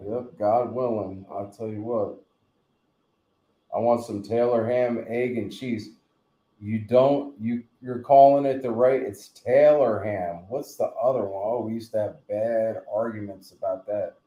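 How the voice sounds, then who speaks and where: Mellow-voiced New man, rambling. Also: fairly low pitch, steady tone, unhurried, muffled recording. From New Jersey. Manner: rambling, joking storyteller. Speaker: live stream host. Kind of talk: casual live stream chat. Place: home room, in bed. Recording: roomy echo.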